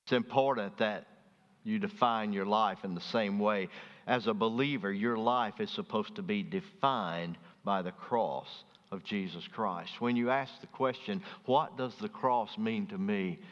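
A man with a Southern drawl preaches in a relaxed, storytelling way, climbing high and loud to make a point before dropping quiet. His voice carries long reverb through a large hall. The recording sounds dull and muffled. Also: measured pace. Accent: Southern US (Alabama). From Birmingham, Alabama. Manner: folksy storytelling, rising loud and high for emphasis then dropping soft. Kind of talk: sermon.

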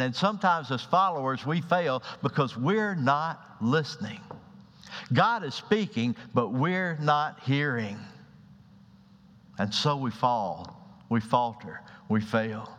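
A man's voice: lively intonation, slow, fairly bright tone. A man preaching a sermon in a church, dramatic in delivery and acting out the voices in his stories. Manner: dramatic, acts out quoted voices with rising pitch. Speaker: pastor. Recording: lo-fi recording with long hall reverb.

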